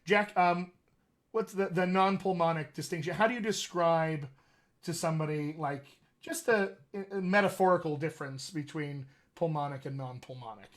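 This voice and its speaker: A man's voice: on the high side, normal speed. A man hosting a live accent Q&A as a dialect coach, teaching with emphatic enthusiasm. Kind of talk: live Q&A session.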